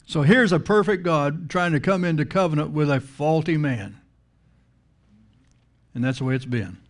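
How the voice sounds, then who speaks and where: A man's voice: fairly high pitch, normal speed. A man preaching a sermon in a conversational style, repeating words and asking the congregation questions.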